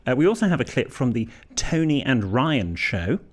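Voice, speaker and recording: A man's voice: medium pitch, big pitch swings, moderate pace. A man hosting a podcast, wry and chatty as he introduces clips. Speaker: podcast co-host. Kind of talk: casual chat.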